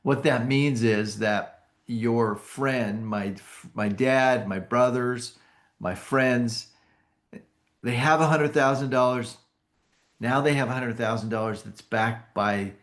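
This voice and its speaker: A man giving an enthusiastic sales pitch on an opportunity call, often restarting and correcting his phrases. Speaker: company presenter pitching annuity sales.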